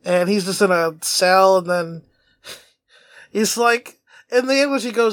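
A high-voiced man co-hosting a comedy podcast, excitable and quick to laugh as he swears his way through a cartoon recap. The sound is dry and close, with no room echo. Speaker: podcast co-host. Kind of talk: casual comedic chat.

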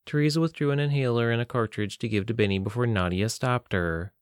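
A man narrating an audiobook in a steady, plain storytelling manner. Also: medium pitch, quick pace, few pauses, clear, resonant tone, no room sound, clean studio sound. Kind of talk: scripted narration.

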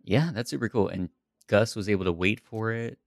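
Deep-voiced man in relaxed podcast chat. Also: moderate pace, vocal fry, no room sound, studio quality. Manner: relaxed, laughs often, rambling. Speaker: podcast co-host. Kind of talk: casual chat about a TV series.

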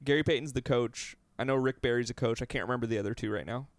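A man co-hosting a podcast in a casual chat, talkative and explaining things quickly. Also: medium pitch, dry recording. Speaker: podcast co-host. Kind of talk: casual chat about basketball.

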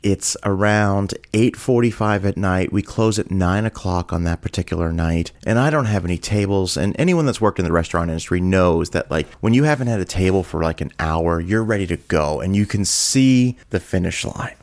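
A man's voice: low-pitched, moderate pace, hardly any pauses. A middle-aged man from Halifax hosting his own podcast, telling a story casually and animatedly, briefly acting out the voices of the people in it. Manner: animated, acts out voices in anecdotes. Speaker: podcast host.

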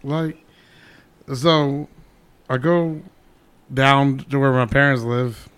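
A man's voice: medium pitch, steady tone, drawn-out words, a bit bright, clear, resonant tone. A man co-hosting a casual podcast, bringing up a topic in a laid-back, rambling, slightly indignant way. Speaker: podcast co-host. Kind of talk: casual chat.

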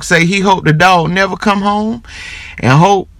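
A man's voice: high voice, normal speed, fairly bright tone, dry recording. A man hosting his own podcast, chatting casually and animatedly, breaking into hard laughter. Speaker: podcast host. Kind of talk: casual chat.

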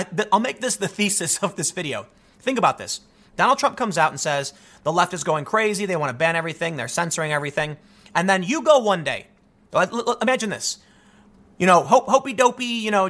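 A man delivers opinionated video commentary in an animated, rambling flow, often stammering and restarting his sentences. His voice is bright and forceful and sits slightly high for a man. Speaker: political commentator.

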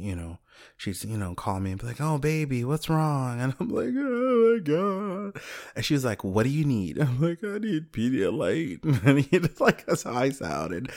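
A man, a high school teacher, telling a personal story in a casual, animated way, laughing often and acting out what people said.

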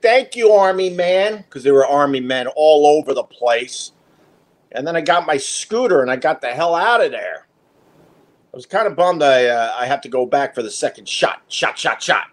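A man in his fifties, host of a livestream, telling a story in a rambling, self-mocking way, with lots of fillers and swearing. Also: medium pitch.

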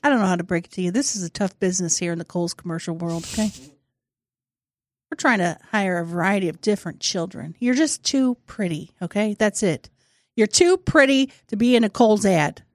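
A woman improvising as a brisk, dismissive casting director, curt and impatient. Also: mid-range voice, expressive, no echo, studio quality, close to an everyday voice. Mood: blunt. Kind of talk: improvised comedy sketch.

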